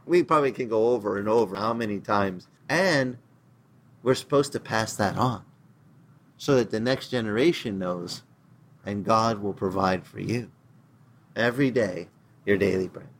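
A man preaching a sermon, telling Bible stories with lively acted-out voices for the characters. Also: normal speed, slight background noise. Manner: animated storytelling, acting out biblical characters in pitched-up voices. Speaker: pastor.

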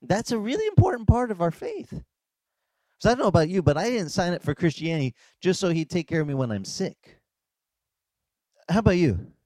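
A male pastor giving a conversational, animated sermon and acting out dialogues. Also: sits high, fairly quick, pauses often, no room sound. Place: beach church service, outdoors.

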